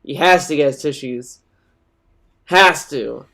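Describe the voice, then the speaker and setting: A man's voice: fairly high pitch, slow pace, creaky, bright, forceful tone. A man streaming, mocking a video he plays, in casual sarcastic commentary with swearing.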